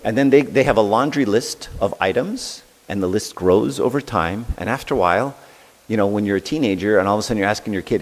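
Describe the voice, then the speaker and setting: A middle-aged man with a low voice gives a parenting seminar in a church hall, and the sound rings with a long reverb. He talks casually, keeps checking in with the audience, and acts out the dialogue of his stories. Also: fast. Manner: conversational, tags lines with "right?". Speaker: seminar speaker.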